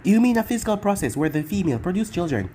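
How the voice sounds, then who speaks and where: A narrator voicing an emotionless young male ninja who speaks flatly and literally. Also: medium pitch, quick pace, slight background noise, natural voice. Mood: deadpan. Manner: flat and literal.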